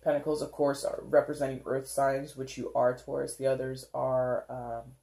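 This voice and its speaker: A woman's voice: very deep voice, level tone, normal speed, creaky, warm tone. A woman giving a casual tarot reading, rambling and chatty, with many fillers and frequent giggles. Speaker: tarot reader.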